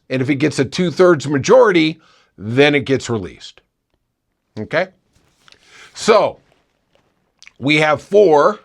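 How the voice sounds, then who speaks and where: Sarcastic male political podcast host. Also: a little high. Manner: sarcastic, mocking asides. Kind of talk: opinionated political commentary.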